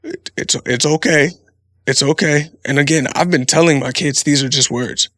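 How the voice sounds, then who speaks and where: A man's voice: a little high, moderate pace, fairly bright tone, no echo, studio quality. A man in his thirties hosting a casual solo podcast, rambling and swearing freely with frequent laughs. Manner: profane, laughing, rambling storyteller. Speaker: podcast host.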